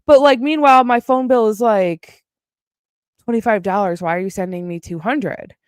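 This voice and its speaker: A woman's voice: mid-range voice, moderate pace, smooth, dry recording, clean studio sound. A woman streamer ranting on a casual livestream, heated and profane, with a mocking edge.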